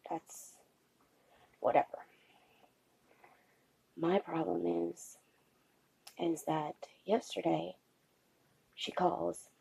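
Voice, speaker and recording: A woman vlogger talking quietly at home late at night so as not to wake anyone, halting and pausing with many fillers. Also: low voice, creaky, breathy edge, poor audio. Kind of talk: late-night confessional vlog.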